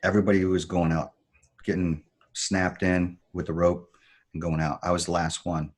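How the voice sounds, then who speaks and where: A man who served as a Marine, a podcast guest, telling a story in a measured, reflective way. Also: low-pitched, flat delivery. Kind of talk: storytelling in conversation.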